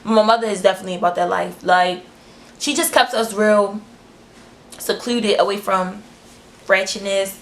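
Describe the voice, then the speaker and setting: A woman's voice: mid-range voice, fairly even intonation, moderate pace, pauses often. A young woman telling a story on her vlog, blunt and frank, with slang and swearing, acting out the other people in it. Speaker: vlogger.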